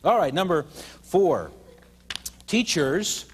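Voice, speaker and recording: A man with a high, lively voice leads a room full of adults through a playful teaching session. His speech swings widely in pitch as he gets the crowd to repeat phrases back to him, and a long reverb trails each line through the hall. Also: slow pace, slight background noise. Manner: playful, leads audience in call-and-response. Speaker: teacher trainer. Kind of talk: live teaching seminar. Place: hall with a live audience of adults.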